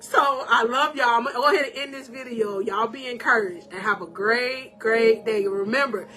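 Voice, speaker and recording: High, bright-voiced woman life coach. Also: moderate pace. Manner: animated and emotional, laughing often; preacherly, calls out to viewers. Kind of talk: encouraging live-stream talk.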